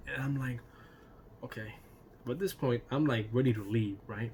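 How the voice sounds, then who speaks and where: A man's voice: medium pitch, moderate pace, darkish tone, a little hiss or hum. A man telling a casual storytime vlog, loose and chatty, laughing between lines, swearing now and then and dropping in "you know" and "right?". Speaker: YouTube storyteller.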